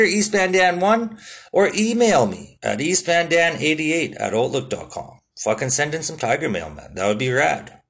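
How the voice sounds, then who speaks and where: A man hosting a casual solo podcast, laid-back and swearing constantly, with lots of fillers. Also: on the high side. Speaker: podcast host.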